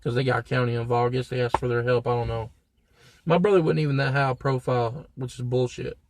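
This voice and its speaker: A man's voice: medium pitch, steady tone, a little fast, a little hiss or hum. Blunt, profane man telling a story. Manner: profane, blunt street slang. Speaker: vlogger. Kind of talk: casual storytelling to camera.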